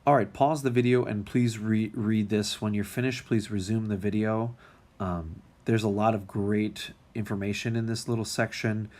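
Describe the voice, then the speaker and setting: A man's voice: lowish voice, steady tone, moderate pace, darkish tone. A man teaching music theory in a recorded lecture, talking casually with many ums and restarts.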